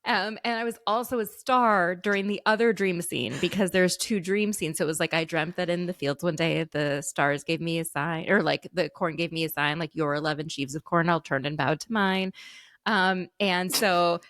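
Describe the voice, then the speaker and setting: A woman's voice: lowish voice, moderate pace, few pauses, fairly bright tone, no room sound, clean studio sound. A woman in her thirties, podcast co-host, telling anecdotes in casual chat, full of fillers and laughing often.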